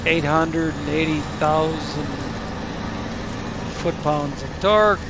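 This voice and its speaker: A man's voice: a little high, steady tone, slow, very noisy. A man giving wry, casual commentary over a driving game, muttering to himself and talking back at the screen. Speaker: gaming commentator. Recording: loud truck engine game audio.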